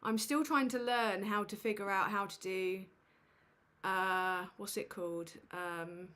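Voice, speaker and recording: A woman's voice: medium pitch, fairly even intonation, unhurried, pushed and bright. A woman chats on her home livestream through a desk microphone, her voice sitting in a middle range. She sounds flustered and self-mocking, trailing off into fillers and swearing casually as she goes. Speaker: livestream host. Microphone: USB desk microphone.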